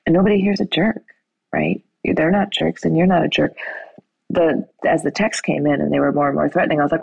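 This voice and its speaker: A woman's voice: sits low, brisk, vocal fry, a little mellow, breathy edge, no echo, highs cut off. A middle-aged woman telling a family story in a conversational way, acting out quoted dialogue with fillers and restarts.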